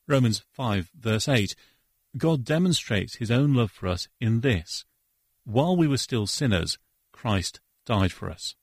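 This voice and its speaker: Husky-voiced man giving a radio devotional. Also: mid-range voice, expressive, unhurried, dry recording, studio quality. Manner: earnest, preacherly, quotes scripture. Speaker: radio co-host.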